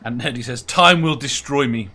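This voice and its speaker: A man's voice: medium pitch, normal speed, sharp tone. A man hosting a casual group call, reading out viewer comments and teasing his guests. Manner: teasing, reads comments aloud. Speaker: quiz show host.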